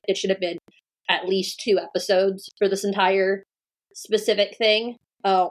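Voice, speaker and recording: A woman co-hosting a podcast in casual discussion, rambling and animated, with lots of fillers. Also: medium pitch. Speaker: podcast co-host.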